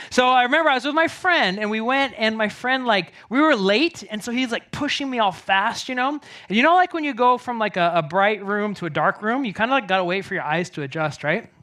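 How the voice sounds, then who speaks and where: A man, preaching a sermon as a pastor in a casual, animated storytelling way. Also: high voice.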